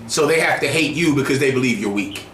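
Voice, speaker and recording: A man's voice: mid-range voice, quick pace, a bit bright, reverberant, a little hiss or hum. A man preaching to a group in a heated, mocking way, swearing freely. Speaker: group teacher. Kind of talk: street preaching.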